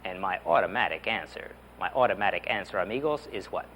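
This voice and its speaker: A man teaches beginner Spanish with lots of enthusiasm, coaxing learners to repeat each phrase. His pitch swings widely as he drills. A faint background hiss sits under the recording. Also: lively intonation, fast talker, a bit bright. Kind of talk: animated language lesson.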